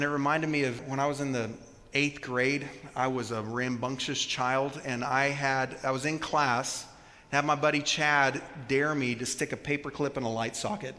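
A man in his thirties preaching a sermon in church, telling stories and shifting between hushed, slow passages and loud, emphatic ones. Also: mid-range voice. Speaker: pastor. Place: church sanctuary. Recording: long reverb of a large hall.

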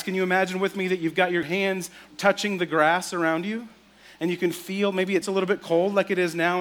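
A man preaching a sermon in a church, telling stories conversationally, often asking "right?" and dropping to a hushed voice to stress a point. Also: fairly high pitch. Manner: drops to a soft, hushed voice for emphasis. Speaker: pastor.

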